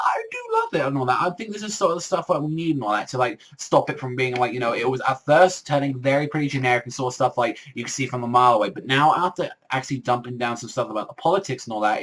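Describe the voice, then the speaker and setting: A man's voice: mid-range voice, fairly bright tone. A young man casually reviewing a manga chapter, rambling with heavy swearing and constant filler words.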